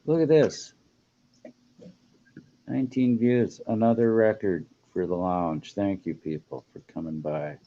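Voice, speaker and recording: A man's voice: fairly low pitch, fairly even intonation, measured pace, dark tone. A man hosting a casual livestream chat, joking with viewers and laughing often. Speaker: host. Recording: dull lo-fi stream audio with faint noise.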